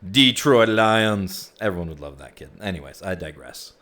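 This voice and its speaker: Deep-voiced man hosting casually. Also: fast talker. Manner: easygoing, chatty, frequent "you know" and "um". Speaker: host of a virtual reality group session.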